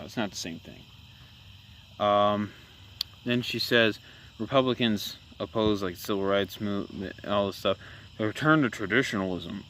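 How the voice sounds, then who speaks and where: A man's voice: lowish voice, a bit bright, a little hiss or hum. Rambling sarcastic man vlogging outdoors. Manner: rambling, sarcastic, with many fillers and restarts. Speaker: political commentary vlogger. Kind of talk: casual outdoor vlog commentary. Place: outdoors in a rural area at dusk, moving around.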